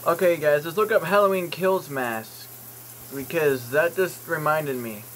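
A man talks casually to his viewers and rambles through jokey asides as he reads listings aloud. His voice sits a little high, with a bright, forceful edge. Faint noise is heard behind him. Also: a little slow, poor audio. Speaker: YouTube vlogger. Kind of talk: casual vlog commentary while browsing online.

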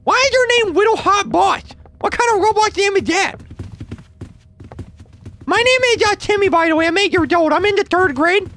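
A man's voice: normal speed, pushed and bright, exaggerated voice. A man putting on the voice of a lonely, needy eight-year-old boy, trolling strangers over voice chat. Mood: chirpy. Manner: high childish pleading, needy and pestering.

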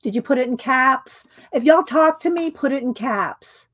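A woman hosting a casual craft livestream, chatting to viewers by name with frequent ums and throat clearing. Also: sits high, animated, moderate pace, fairly bright tone.

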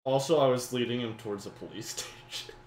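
In an echoey room carrying a faint hiss, a man hosts a laid-back podcast, talking fast in a mid-range voice. His storytelling is lively, full of frequent laughter and acted-out voices for the people he quotes.

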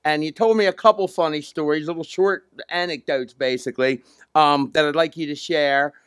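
A man hosting a story swap, relaxed and prompting his guests to share. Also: on the high side, moderate pace, clear, resonant tone, no room sound. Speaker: host.

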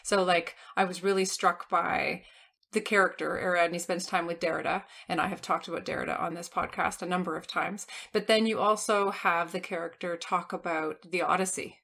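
A woman's voice: lowish voice, steady tone, moderate pace, creaky, bright, forceful tone. A woman hosting a podcast, asking long, earnest questions and linking them with "like" and "so". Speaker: podcast host. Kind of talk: conversational interview questions.

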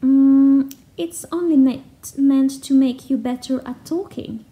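A woman voicing a kind, clever young girl in a storybook, explaining things gently. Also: sits high, takes it slowly. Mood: gentle.

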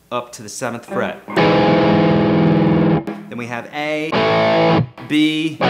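A relaxed man talks through a guitar lesson at a medium pitch, loose and joking at his own expense. Loud guitar playing runs between and under his words. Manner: loose, joking, self-deprecating. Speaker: guitar teacher.

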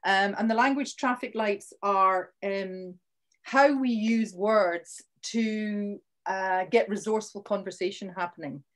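A woman's voice: mid-range voice, measured pace. Chatty Scottish woman leading an online workshop. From Scotland. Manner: chatty, restarts sentences, punches key words. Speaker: workshop presenter. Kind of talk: live online training talk. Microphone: video call.

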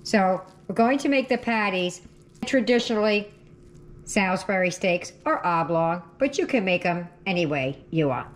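Over sizzling and frying, a woman hosts a home cooking video, talking chattily and fixing her own slips as she works. Her voice is medium-pitched and expressive at a normal pace, with a faint hiss or hum.

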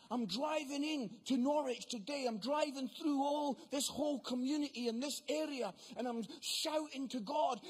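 High-voiced, excitable preacher man. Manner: excitable, builds to emphatic shouting. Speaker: guest preacher. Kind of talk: sermon. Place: church venue.

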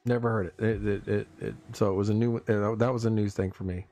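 A man's voice: lowish voice, fairly even intonation, fairly quick, warm tone. A man hosting a casual live stream, rambling playfully with his viewers, stumbling over and repeating words, and often breaking into laughter.

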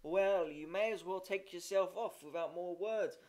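A man's voice: high voice, normal speed, darkish tone, natural voice. A man voicing an irritable, grumbling female cook who scolds sharply, in an amateur audiobook reading. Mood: scolding.

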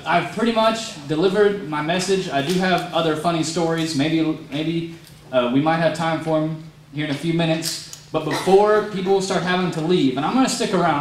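A young man giving a rambling, self-mocking speech to a youth group and taking questions from the audience. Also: fairly high pitch. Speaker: motivational youth speaker. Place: large room before a youth group audience. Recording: echoey room, mic at a distance, crowd noise.

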